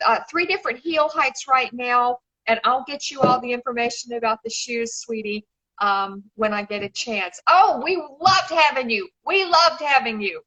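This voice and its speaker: A woman's voice: a little high, normal speed, sharp tone, poor audio. A middle-aged woman from Memphis, chatting effusively on a live stream and calling people darling. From Memphis, Tennessee, USA. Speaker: shoe designer and regular guest. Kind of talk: casual live-stream chat.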